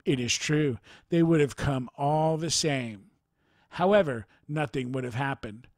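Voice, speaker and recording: A man narrating a near-death experience account in a formal, measured reading style. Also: medium pitch, no echo, clean studio sound.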